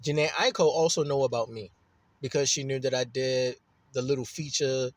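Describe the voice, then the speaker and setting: A man's voice: mid-range voice, steady tone, moderate pace, no echo. A man from Baltimore with a Baltimore accent, telling a rambling, profane personal story in a casual monologue. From Baltimore, USA.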